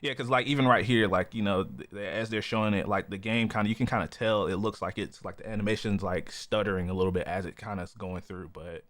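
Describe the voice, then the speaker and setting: A man's voice: lowish voice, fairly even intonation, quick pace, few pauses, fairly bright tone, no room sound. A man co-hosting a podcast in casual chat, rambling with lots of "you know" and "like" fillers. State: has the hiccups. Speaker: podcast co-host.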